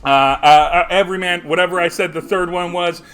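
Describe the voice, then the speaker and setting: A man's voice: sits high, fairly even intonation, a little fast, over music. A man narrating as game master, rambling and often searching for words.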